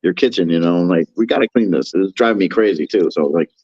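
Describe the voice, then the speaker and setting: A man telling a rambling, profane story on a podcast, acting out quotes in a higher voice. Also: fast, a little mellow, husky, no echo. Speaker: podcast co-host. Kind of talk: casual storytelling chat. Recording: dull lo-fi sound.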